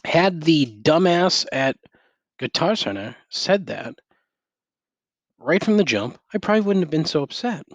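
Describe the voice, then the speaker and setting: Wired on caffeine, a middle-aged podcast host rants sarcastically on his own, swearing constantly into a gaming headset at home. His voice is a little high and sing-song, with a measured pace and long pauses. There's no room sound.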